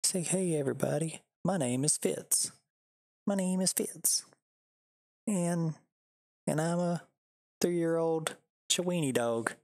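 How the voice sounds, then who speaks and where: A man voicing his sleepy little male pet dog in a soft, slow, cutesy way during a game stream. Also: a little high, vocal fry, no room sound, studio quality, voice pushed up.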